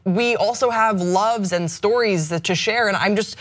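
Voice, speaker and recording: A woman's voice: medium pitch, moderate pace. A woman chatting as a talk show host, eager and a little rambling. She is self-deprecating and talks in a middle register into a studio mic. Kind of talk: casual chat.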